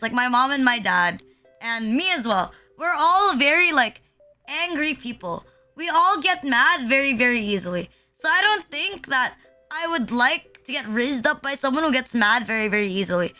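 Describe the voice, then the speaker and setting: A young woman, her voice high and bright, chatting on a live stream. She rambles and puts herself down, piling "like" into almost every phrase, while faint music plays behind her. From Philippines. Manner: rambling, filler-heavy, self-deprecating. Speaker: VTuber streamer. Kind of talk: casual live-stream chat.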